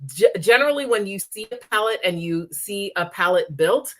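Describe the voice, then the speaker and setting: A woman's voice: mid-range voice, lively intonation, moderate pace, pushed and bright. A woman demonstrating makeup in a live tutorial, talking chattily and often checking in with her viewers. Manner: chatty, checks in with frequent "okay?".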